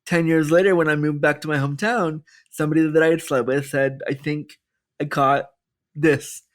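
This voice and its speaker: A man in his thirties, a podcast guest telling personal stories in a candid, animated way with lots of quoted dialogue. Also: on the high side, moderate pace. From Canada. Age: 30s. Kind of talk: storytelling in a podcast interview.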